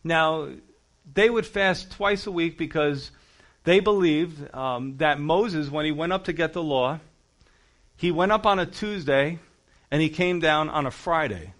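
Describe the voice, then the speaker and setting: A man's voice: on the high side, a little slow, fairly bright tone. A male pastor teaching a sermon, explaining the text verse by verse with emphatic rhetorical questions. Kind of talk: expository sermon.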